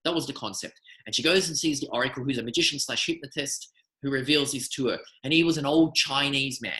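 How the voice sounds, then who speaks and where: A man, a magician, telling animated, rambling anecdotes in a casual interview. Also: medium pitch, fast, roomy sound, low-quality recording. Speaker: magician guest.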